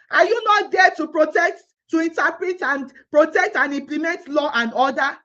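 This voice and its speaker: A Nigerian woman who vlogs as an activist protests and pleads in a heated monologue full of rhetorical questions. Her very high, bright voice sounds pushed and moves at a moderate pace, and the phone recording is dull and lo-fi.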